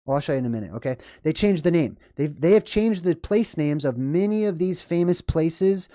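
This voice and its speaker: A man's voice: fairly high pitch, animated, fairly quick, dark tone, no room sound, clean studio sound. A man giving casual, rambling commentary on a horror movie and often checking in with "right?" and "okay?". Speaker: video commentator.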